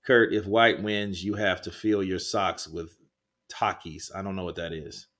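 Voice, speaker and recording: Casting note: a male livestream host, slightly low voice, casual and rambling, swears freely while reading chat. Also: fairly even intonation, a little slow, a bit bright. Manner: laid-back, rambling, swears a lot. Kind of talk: casual live boxing chat, reading viewer comments.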